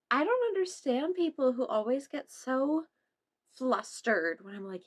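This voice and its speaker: A young woman reacts to memes in a relaxed vlog, laughing often, cursing, and trying out silly voices in play. Her high voice is slightly rough, a little slow, and swings widely in pitch.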